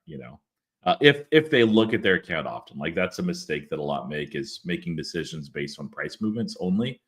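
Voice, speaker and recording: A man co-hosting a casual stock-market livestream. His voice sits low, yet his pitch moves around freely. He comes across relaxed and dry, and he laughs easily. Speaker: co-host of a stock market stream.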